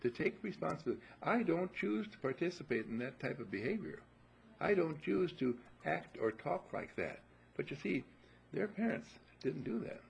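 A man giving a teaching talk to a group, who often acts out little dialogues and clears his throat. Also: fairly high pitch, very animated, normal speed, rough recording.

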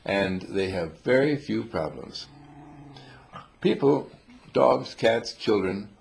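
A man's voice: on the low side, expressive, slow, vocal fry, darkish tone, slight background noise. An older man telling rambling, humorous stories to a small group, playful and chuckling, with old-fashioned exclamations.

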